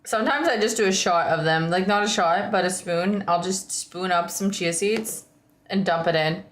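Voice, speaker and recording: A woman livestreaming from home, chatting casually with viewers in a rambling way, her voice slightly hoarse. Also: fairly low pitch, moderate pace, reverberant, slight background noise. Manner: rambling, chatty, frequent likes and ums.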